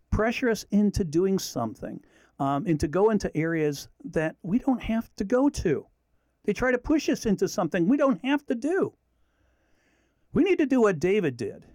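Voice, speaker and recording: A man's voice: a little high, no room sound. A man teaching a Bible study lesson, telling the story with feeling and acting out the quoted lines. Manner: animated storyteller who acts out quoted lines.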